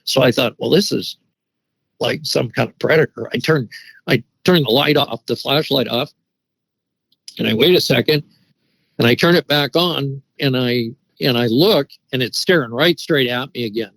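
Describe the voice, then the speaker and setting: A man's voice: mid-range voice, normal speed, vocal fry, fairly bright tone, no echo, rough recording. A middle-aged man telling a long story in a casual, rambling way, full of restarts and fillers. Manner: rambling, with many restarts and "you know" fillers. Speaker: guest telling an encounter story.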